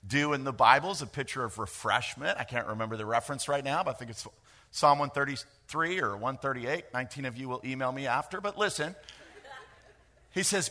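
A middle-aged man preaching a sermon, lively and joking, with quick asides to the congregation. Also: mid-range voice. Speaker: pastor.

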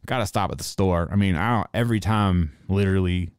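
A man tells a story in loose, casual talk, swearing freely and getting worked up. His voice sits a little low and sounds smooth and clear. The sound is dry and close, with no room around it. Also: brisk, dry recording. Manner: profane, animated storyteller.

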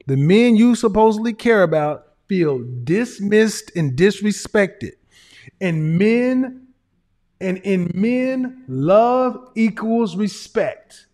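High-pitched man lecturing emphatically. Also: darkish tone. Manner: emphatic, repetitive lecturing with profanity. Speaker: livestream host. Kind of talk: livestream relationship advice.

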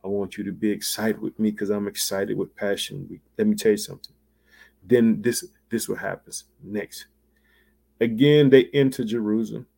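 A man preaching a sermon with fervent emphasis, calling out to his listeners and swinging from loud exclamations to hushed near-whispers. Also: lowish voice, flat delivery, moderate pace, vocal fry. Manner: fervent, emphatic, repetitive call-outs to listeners.

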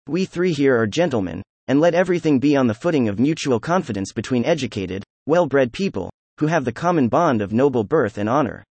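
An excitable young nobleman, read by a man in a steady mid-range voice, effusive and proud as he pushes back against his questioners. The sound is dry and close, with no room around it. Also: medium pitch, fairly quick, few pauses, breathy edge, dry recording. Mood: defiant. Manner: effusive, emphatic, laughing.

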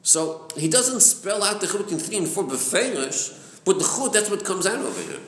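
Lively male teacher, high-ish voice, repeats himself as he explains, recorded in a roomy space. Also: normal speed. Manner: lively, repeats words, mixes Hebrew and Yiddish terms into English. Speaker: Torah class teacher. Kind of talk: Chassidic text class, explaining to students. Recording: echoey room.

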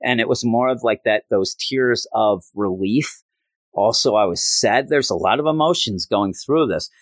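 A man hosts a podcast, walking through a comic book story in an earnest, rambling manner. His voice sits low. The recording is dry, with little room sound. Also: moderate pace, dry recording. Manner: earnest, rambling, many fillers. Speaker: podcast host.

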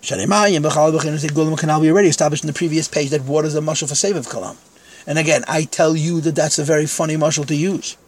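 Candid teacher, slightly high male voice. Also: steady tone, quick pace. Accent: Yeshivish English. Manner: conversational, self-deprecating asides. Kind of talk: text-study lecture.

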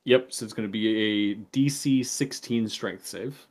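A man running a tabletop game as game master, making quick casual rulings. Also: on the low side, a little mellow.

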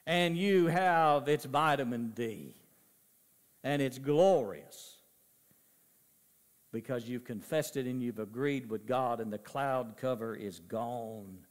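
A middle-aged male pastor preaching a sermon, swinging from loud emphasis to soft, low asides. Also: takes it slowly. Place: church sanctuary. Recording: long church reverb.

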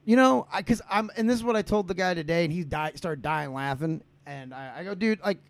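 High, gravelly-voiced ranting man. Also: brisk, dry recording. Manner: ranting, profane, full of restarts. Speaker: podcast host. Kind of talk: casual comedic podcast rant.

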